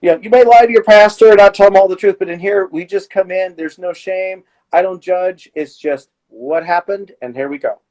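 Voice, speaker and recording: A middle-aged man, a therapist, talking casually in an interview and telling stories with lively acted-out exchanges. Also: high voice, brisk, hardly any pauses, low-quality recording. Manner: animated storyteller who acts out his patients' voices.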